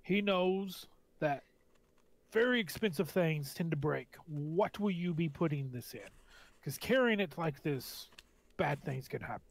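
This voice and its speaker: Player, man, slightly high pitch, refers to his character in third person. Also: lively intonation, measured pace.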